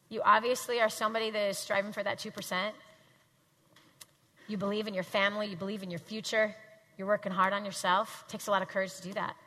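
A woman teaching a room full of people in an emphatic, animated way, pausing to have them repeat her lines back. Her voice is bright and forceful, and it rings with a long reverb through a big hall. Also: medium pitch, slight background noise. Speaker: speaker teaching a live audience. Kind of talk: faith-based teaching talk. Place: large hall with audience.

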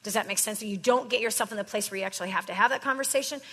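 A woman giving an animated motivational seminar talk to a live audience, with rhetorical questions and frequent laughter. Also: medium pitch, very fast, husky. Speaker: seminar speaker. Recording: reverberant hall sound.

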